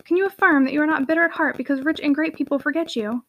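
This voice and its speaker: A woman voicing an earnest, devoted young woman in a storybook reading, speaking in a soft, eager, questioning way. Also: high voice, rapid-fire, lo-fi sound.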